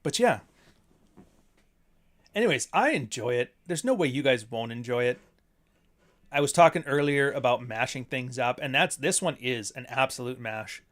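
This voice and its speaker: A man hosting a casual livestream, an author telling stories in a profane, animated way and laughing often. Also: mid-range voice, moderate pace, pauses often. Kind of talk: casual livestream chat reading super chats.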